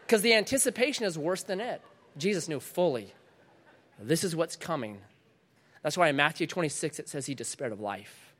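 A middle-aged man preaching a sermon to a congregation, dramatic, dropping to a hush and then rising loud again. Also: a little high, sing-song, moderate pace. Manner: dramatic, swings from loud to hushed. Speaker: pastor.

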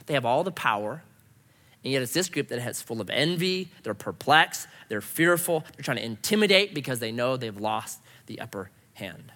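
A man's voice: medium pitch, sing-song, moderate pace, bright, forceful tone. A man preaching a sermon, telling anecdotes and acting out the voices of the people in them. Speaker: pastor. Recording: long hall reverb.

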